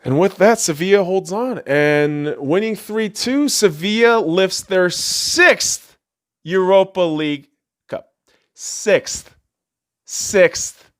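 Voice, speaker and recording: Excitable young man ranting about sports. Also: slow pace, clear, resonant tone. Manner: excitable, swings from low mutters to loud outbursts. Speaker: podcast host. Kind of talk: profane sports rant.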